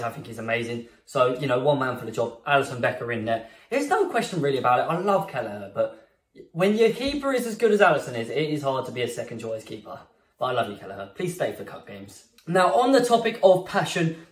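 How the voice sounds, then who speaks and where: Male fan-channel host, slightly high voice, opinionated and animated, roomy sound. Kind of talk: casual opinion vlog. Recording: roomy echo, a bit far from the mic.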